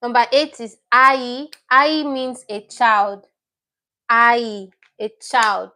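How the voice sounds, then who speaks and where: A woman's voice: a little high, fairly even intonation, extremely slow, sharp tone. A woman teaching a live online language lesson, patient and repeating each word as she explains it step by step.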